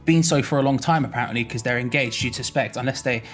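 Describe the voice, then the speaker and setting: A man's voice: medium pitch, quick pace, fairly bright tone, faint music behind. A young man giving a jokey, rambling explainer vlog, often correcting himself mid-sentence. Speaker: YouTuber.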